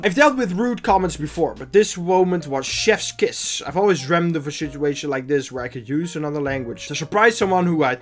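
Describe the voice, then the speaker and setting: A man's voice: on the high side, a bit bright. Sarcastic young man reading posts aloud. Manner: sarcastic, mocking asides between read-out stories. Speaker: YouTube host. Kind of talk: reading online posts aloud with comic commentary.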